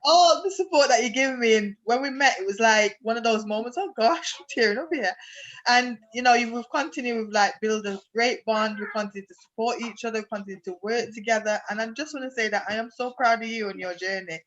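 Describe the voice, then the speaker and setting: A woman's voice: on the high side, quick pace, few pauses, fairly bright tone, muffled recording. A woman guest on a video call, speaking with effusive, heartfelt praise in a casual chat.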